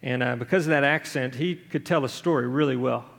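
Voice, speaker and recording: A man's voice: medium pitch, fairly quick, vocal fry. A man preaching a sermon as pastor, earnest, telling a story and acting out the quoted voices. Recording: long hall reverb.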